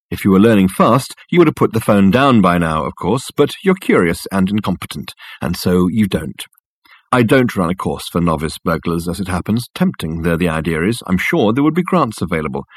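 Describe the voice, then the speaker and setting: A man voicing a smug, eccentric male private detective who lectures in a pompous, crisp way. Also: on the low side, dry recording, clean studio sound.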